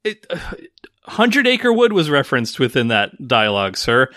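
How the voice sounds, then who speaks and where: A man's voice: medium pitch, wildly swooping pitch, moderate pace, sharp tone, no echo, studio quality. A man hosting a podcast in casual, playful chat, teasing and swearing freely. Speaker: podcast host.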